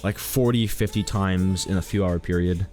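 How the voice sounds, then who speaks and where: A man's voice: sits low, normal speed, darkish tone, soft background music. A man streaming a game, chatting casually in a rambling, joking, self-mocking way. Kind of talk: casual live-stream commentary.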